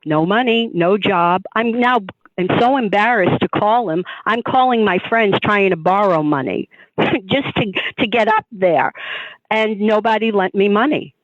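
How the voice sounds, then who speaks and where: Animated New woman storyteller. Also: mid-range voice, unhurried, no room sound. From New York. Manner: animated, acts out quoted dialogue. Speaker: guest. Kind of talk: storytelling in an interview. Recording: dry tinny phone-like line.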